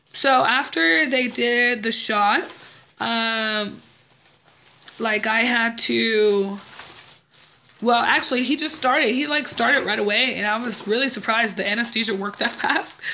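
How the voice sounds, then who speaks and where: A woman's voice: a little high, noisy background. A young woman from Texas telling a personal story in a casual vlog, chatty, with many fillers and restarts. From Texas, USA. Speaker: vlogger living abroad.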